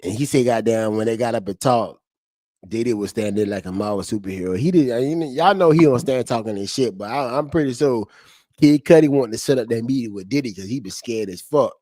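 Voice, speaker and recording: A man streaming to his chat, reading court testimony in a flat voice and then breaking into slangy, profane, laughing commentary. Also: mid-range voice, fairly quick, dry recording, studio quality. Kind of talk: casual livestream commentary.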